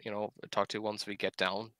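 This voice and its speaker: A man player with a sharp, bright tone and a fairly low pitch chats casually at the gaming table. He asks questions about the rules and the story. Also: little pitch movement, normal speed.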